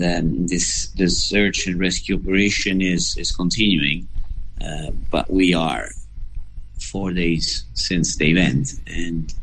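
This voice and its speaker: A man answering interview questions as an aid official, halting with fillers and restarts. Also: sits low, fairly bright tone, slight background noise, low-quality recording.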